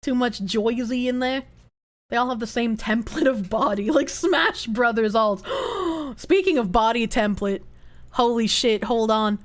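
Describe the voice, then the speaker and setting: A woman livestreamer chatting casually, swearing freely as she reacts to videos. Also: a little high. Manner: animated, profane, reacting to videos. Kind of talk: casual chat.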